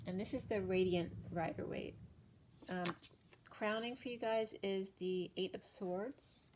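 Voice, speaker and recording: A woman doing a casual tarot card reading, chatty and thinking aloud with fillers and self-corrections, her voice a little hoarse. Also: mid-range voice, measured pace, background noise. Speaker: tarot reader.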